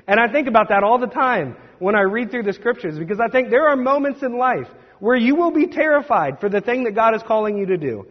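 Very high-pitched and animated, a male pastor speaks briskly with hardly any pauses. His church sermon is conversational and emphatic, full of asides to the congregation, and sounds dull with a long reverb from the hall.

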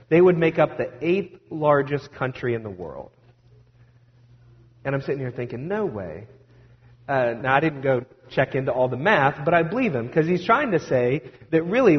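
A male pastor delivering a casual, story-driven sermon, mixing asides and quoted conversations. His voice is mid-pitched and carries a long reverb tail from a large church space. The recording sounds a bit dull and muffled.

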